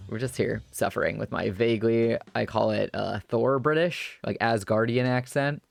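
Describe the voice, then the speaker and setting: Gravelly, giggly male VTuber. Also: medium pitch, moderate pace, hardly any pauses, faint music behind. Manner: giggly, chatty. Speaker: VTuber streamer. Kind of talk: casual chat while playing.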